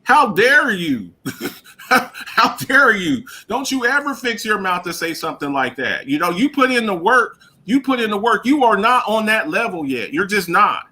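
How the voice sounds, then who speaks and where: Guy on a radio show going off about sports, high bright voice, really lively, keeps repeating himself. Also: a little fast, hardly any pauses. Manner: animated, emphatic, repeats himself, laughs often. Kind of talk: casual sports talk.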